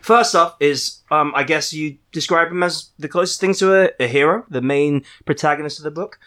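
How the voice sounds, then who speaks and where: A man's voice: on the high side, fairly quick, pushed and bright. A man hosting a casual book-discussion podcast, joking and rambling with fillers and restarts.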